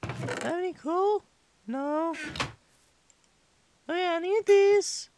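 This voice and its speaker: A man voicing an excitable five-year-old boy who rambles through a comedic let's-play commentary. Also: very high-pitched, very slow, background noise, exaggerated voice. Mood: chatty.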